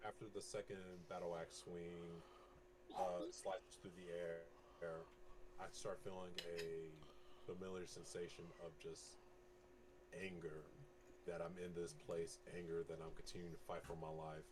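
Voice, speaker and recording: Man, very low voice, deliberate first-person role-play, noisy home mic. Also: little pitch movement. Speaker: player. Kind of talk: describing his character's actions in a tabletop game.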